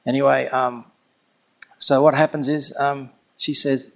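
A middle-aged man, telling a story in an animated way and acting out what others said. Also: medium pitch, unhurried, vocal fry. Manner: animated, acts out quoted speech. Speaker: pilgrimage companion telling a story. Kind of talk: anecdotal storytelling.

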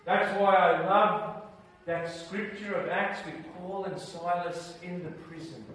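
A man speaks as a prison minister, his voice high and his delivery slow and heartfelt. He leans on key phrases and draws them out. The sound comes from well back from the mic and rings through a very echoey space. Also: a bit bright, far from the mic, a little hiss or hum. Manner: earnest and heartfelt, with drawn-out emphatic phrases. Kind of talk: spoken testimony and sermon.

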